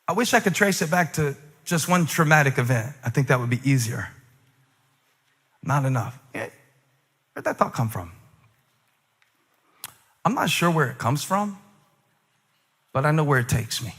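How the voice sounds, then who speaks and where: A male pastor in his forties preaching a sermon, moving between loud preaching and quiet, low asides, confessional and self-mocking. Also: big pitch swings, moderate pace, pauses often, slightly rough, long reverb tail. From United States. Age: 40s.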